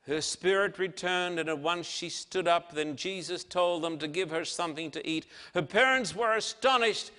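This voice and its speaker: A man delivering an emphatic sermon in a bright, somewhat high voice, rising to loud declarations and dropping to near-hushed softness. His words carry a long reverb from a large hall. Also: moderate pace, hardly any pauses. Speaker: preacher. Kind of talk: dramatic sermon with scripture reading.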